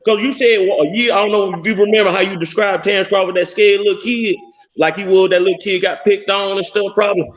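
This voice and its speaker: A man's voice: high-pitched, fairly even intonation, fast, highs cut off. A male caller ranting bluntly and at length on a call-in show. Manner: blunt, rambling, insistent. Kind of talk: heated call-in rant.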